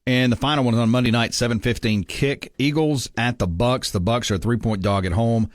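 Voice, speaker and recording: A man's voice: mid-range voice, brisk, no room sound. A man hosting a sports talk radio show in an easygoing, conversational way from the studio. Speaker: radio host. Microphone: studio mic.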